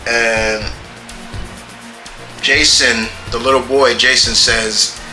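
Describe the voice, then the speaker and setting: A man talks through a comic book review in a slow, unhurried way, often stumbling and repeating himself before finishing a thought. His voice is bright and edged, and it bounces around an echoey room with faint music underneath. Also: mid-range voice, fairly even intonation. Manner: halting, repeats and restarts phrases. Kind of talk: casual video review.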